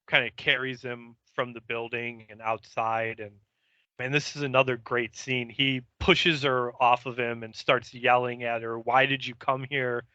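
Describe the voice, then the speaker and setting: A man's voice: mid-range voice, bright, forceful tone, clear, resonant tone, dry recording, dull audio. A man co-hosting a podcast, recapping an episode in a meandering, hesitant way. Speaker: podcast co-host.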